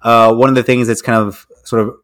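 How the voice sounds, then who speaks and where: A man's voice: medium pitch, level tone, a little fast, fairly bright tone. Rambling male podcast co-host. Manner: rambling, hedging, many restarts. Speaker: podcast co-host reading the news. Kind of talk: casual podcast chat.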